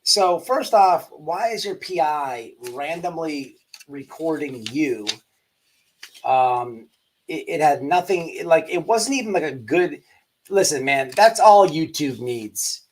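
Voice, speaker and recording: A man's voice: a little high, lively intonation, takes it slowly. A man hosting a livestream commentary show, rambling and emphatic with many restarts. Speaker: host.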